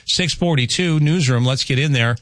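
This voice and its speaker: A man's voice: mid-range voice, moderate pace, a bit bright, no echo. Chatty joking radio host man. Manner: chatty, joking, self-interrupting. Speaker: radio morning show host. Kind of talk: casual radio chat. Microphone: studio microphone.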